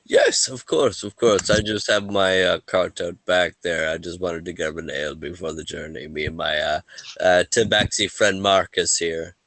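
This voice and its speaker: A man's voice: deep voice, normal speed, a bit bright, no echo, voice pushed down. A man voicing a humble, easygoing male merchant in a tabletop game, rambling with fillers. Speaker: game master voicing a character. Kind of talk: tabletop role-play.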